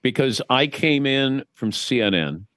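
A man's voice: medium pitch, expressive, unhurried, a bit bright, no room sound. A man in his sixties chats as a guest, telling stories with a wry, offhand humor and frequent restarts. His voice sits in a middle range, recorded close and dry in a studio. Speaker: guest sportscaster. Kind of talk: casual chat.

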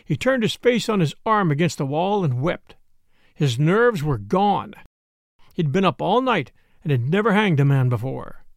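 Reading a classic tale as an audiobook, the narrator keeps a measured pace yet sounds very animated. His voice is high and gravelly with wide pitch movement, captured close and dry without room sound.

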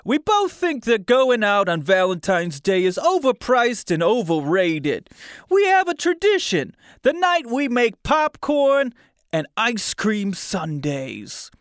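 Man hamming up a smitten, corny Jersey guy, high-pitched and lilting, nervous edge. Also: sing-song, takes it slowly, clean tone, no room sound, clean studio sound, full character voice. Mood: sappy. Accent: New Jersey.

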